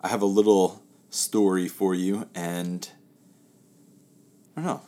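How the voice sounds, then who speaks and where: Slow and deep-voiced, this man hosts an easygoing talk, relating a parable conversationally and letting each phrase fade gently away.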